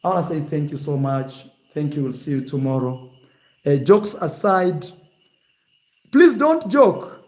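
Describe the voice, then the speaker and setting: A man talking casually and teasingly in a vlog, animated and jokey. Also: fairly high pitch, normal speed. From Kenya. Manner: animated, teasing, shifts to mock accents. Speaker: vlogger.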